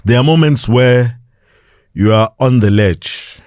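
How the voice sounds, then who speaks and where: Podcast guest: South African man, lively storyteller, close dry studio sound, mid-range voice. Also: medium pitch, takes it slowly, no room sound. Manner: animated, acts out quoted voices, laughs often. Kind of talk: casual storytelling interview.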